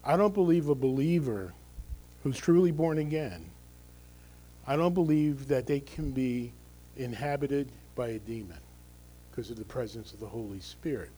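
A man's voice: medium pitch, normal speed, dark tone, breathy edge, low-quality recording. A male pastor giving a conversational, emphatic sermon, often checking in with the congregation through tag questions.

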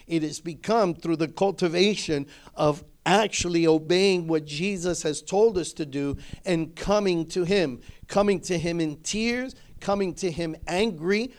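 A middle-aged male pastor delivering a sermon in a slightly higher-than-usual voice. He preaches with emphasis and drives his points home by repeating phrases.

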